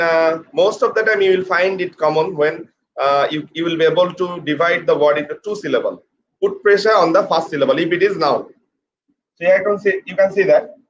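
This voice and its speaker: A man teaching an English pronunciation lesson. He talks slowly, spells words out letter by letter and says each word several times. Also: fairly high pitch. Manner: slow, repeats words and spells them out letter by letter. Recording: slightly dull with faint background noise.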